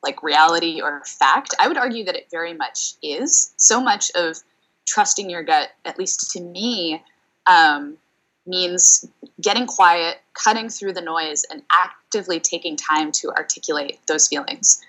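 A woman career coach answering interview questions in a thoughtful way, with frequent fillers and pauses. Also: on the low side, fairly bright tone, poor audio. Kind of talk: podcast interview.

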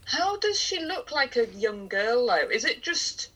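A woman's voice: a little high, very animated, measured pace, fairly bright tone, poor audio. A woman in casual chat, making dry quips and agreeing often.

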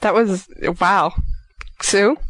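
A woman's voice: medium pitch, drawn-out words, fairly bright tone, no echo, low-quality recording. Giggly New York woman co-hosting. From New York, USA. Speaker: podcast co-host. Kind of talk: casual chat.

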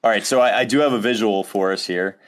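A man's voice: lowish voice, quick pace. A man co-hosting a podcast, chatting casually over a video call in a playful, rambling way and laughing often. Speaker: podcast co-host. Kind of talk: casual chat.

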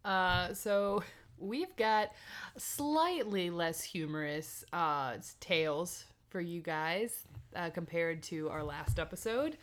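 Slow, giggly young woman reading a fairy tale. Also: fairly low pitch. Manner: giggly, self-deprecating, rambling with asides. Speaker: podcast co-host.

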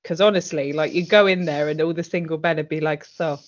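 A woman's voice: sits low, fairly even intonation, fast. A woman co-hosting a casual chat podcast, blunt and sweary, laughing often and acting out quotes. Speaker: podcast co-host recapping a TV drama. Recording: dull lo-fi audio.

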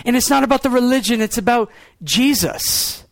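High-voiced man preaching earnestly, dry sound. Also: gravelly, dry recording. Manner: earnest, shifts between quiet low lines and quick pointed rhetoric. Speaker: pastor. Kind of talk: sermon.

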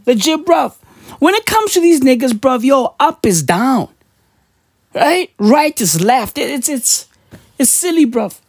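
A woman's voice: high voice, sing-song, measured pace, no room sound, studio quality. A woman ranting on a podcast in casual, profane, slangy talk, emphatic and mocking.

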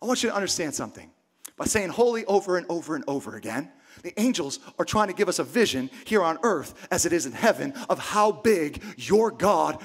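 A man preaching a sermon as pastor, emphatic and repetitive, swinging from shouts down to hushed near-whispers. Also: sits high.

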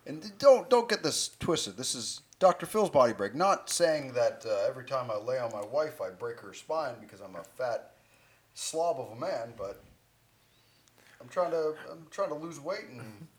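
A man's voice: mid-range voice, animated, normal speed, slightly rough. A young man telling a rambling story in crude, casual banter with friends. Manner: rambling, many fillers and restarts.

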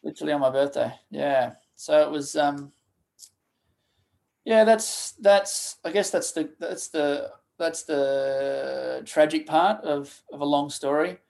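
A man, a podcast guest telling a personal story of loss in a halting, emotional way, full of restarts and pauses. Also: on the high side, gravelly, a little mellow. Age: 30s. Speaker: guest, charity co-founder.

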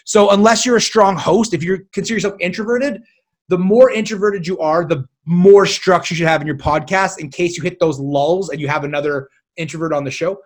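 High-voiced, animated man talking shop. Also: brisk. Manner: animated, talkative, swears casually. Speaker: guest, self-defense instructor. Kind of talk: casual podcast interview.

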